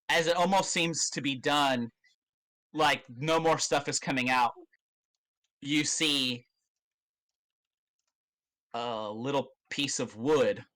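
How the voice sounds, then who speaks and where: A man narrating as game master of a tabletop game, in a loose, halting way with many fillers and casual swearing. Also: mid-range voice, pushed and bright, rough recording.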